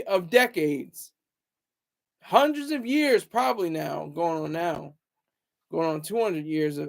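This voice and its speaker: High-voiced man ranting casually. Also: creaky. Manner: taunting, loud, rambling, laughs at critics. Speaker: streamer talking to viewers. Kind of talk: casual livestream rant.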